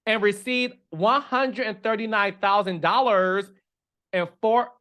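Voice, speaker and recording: A man hosting a reality TV commentary show, talking in an animated, chatty way with dramatic asides. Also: sits high, unhurried, smooth. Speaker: reality TV commentator and podcast host. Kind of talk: casual chat.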